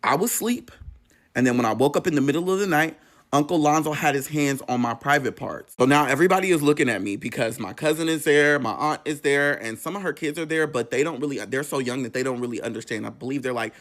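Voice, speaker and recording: A man's voice: mid-range voice, quick pace, a bit bright. A man casually telling a personal story to camera, candid and profane, acting out the dialogue as he goes. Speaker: storytime vlogger.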